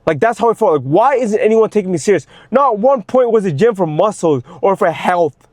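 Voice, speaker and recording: A man's voice: high-pitched, animated, brisk, a little mellow, no room sound, studio quality. A young man and fitness coach in an unscripted personal monologue, intense and ranting, swearing heavily and repeating himself as he gets worked up. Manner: repeats words when worked up.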